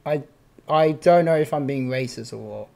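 A man's voice: mid-range voice, moderate pace, creaky, mellow. A young man hosting his channel, chatting in a goofy, playful way while he plays a game. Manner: goofy, playful, bursts into silly voices. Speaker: channel host. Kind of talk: casual gaming chat.

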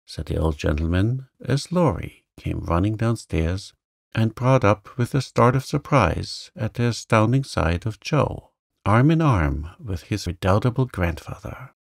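A man reading a bedtime story aloud in a gentle, soothing, calm way. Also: fairly low pitch, unhurried, vocal fry, dry recording, studio quality. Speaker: narrator.

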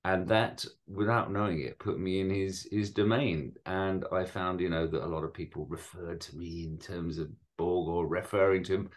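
A man's voice: sits low, steady tone, normal speed, few pauses. A middle-aged man from Britain, a musical comedian answering interview questions in a reflective way with small restarts.

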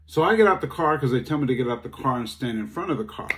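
Man telling a personal story, animated. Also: fast talker, slight background noise. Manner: animated, acts out dialogue, voice jumps high when upset; casual, conversational phrasing. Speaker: speaker.

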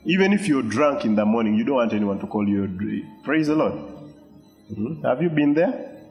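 A pastor with a medium-pitched, expressive voice preaches a sermon at a moderate pace in a church hall with long reverb, on a muffled recording with faint background music. He animatedly tells a personal story, voicing other people and adding asides, then drops into quiet, earnest teaching.

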